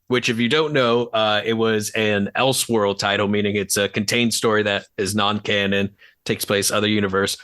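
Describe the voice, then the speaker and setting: A man's voice: lowish voice, bright, forceful tone, smooth, no room sound. A man co-hosting a podcast, chatting casually and enthusiastically about films with lots of fillers. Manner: enthusiastic, rambling with many fillers. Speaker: podcast co-host. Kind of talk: casual film chat.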